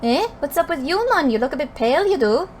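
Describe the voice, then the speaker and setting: A woman's voice: sits high, fast talker, slight background noise. A woman voicing a chatty, cheeky male fairy sidekick in a game, with a wobbly put-on Scottish accent. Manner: lively, inconsistent put-on brogue.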